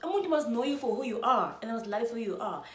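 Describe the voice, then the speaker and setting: A young woman with a South African accent quoting her doting mother, in a higher, animated voice. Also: rapid-fire, far from the mic, natural voice. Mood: reassuring. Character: doting mother giving her daughter advice. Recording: roomy echo.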